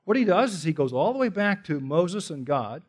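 A man with a slightly higher voice than most teaches a Bible study in an expository sermon style. He is emphatic, repeating key phrases and posing rhetorical questions to his listeners. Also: sing-song, normal speed.

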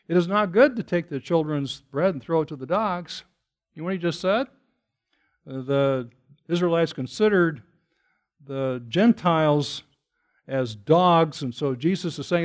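Animated man preaching a sermon. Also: high-pitched. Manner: animated, rising to emphatic bursts while retelling scripture; explains Greek words conversationally. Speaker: pastor.

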